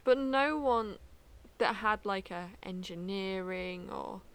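A young woman co-hosting a podcast, chatting casually in an excitable, laughing way. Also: medium pitch, slow pace, smooth. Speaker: podcast co-host. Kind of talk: casual chat.

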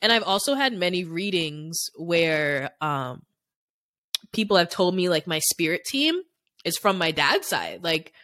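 A woman's voice: lowish voice, sing-song, measured pace, a bit bright, dry recording. Rambling young woman, dry close mic. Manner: rambling, heavy use of "like" fillers; candid and open, sharing personal stories. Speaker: podcast co-host. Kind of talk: casual chat.

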